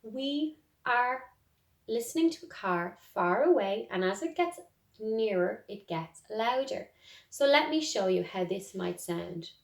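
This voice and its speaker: A woman with an Irish accent teaching a music lesson to young children, speaking gently and encouragingly and singing demonstrations. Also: mid-range voice, animated, unhurried, creaky. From Ireland. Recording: roomy echo.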